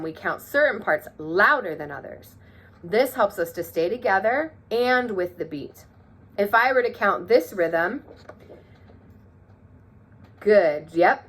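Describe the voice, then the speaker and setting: A woman's voice: mid-range voice, fairly bright tone. A woman teaching a music lesson to children, encouraging them and counting rhythms aloud.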